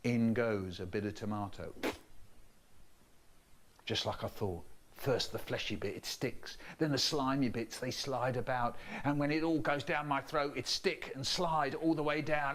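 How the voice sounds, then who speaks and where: A man with a middle-pitched voice performs comic children's poems. He tells them in a lively, expressive way and speaks straight to the listener. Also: a little slow, pauses often. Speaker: poet performing his poems.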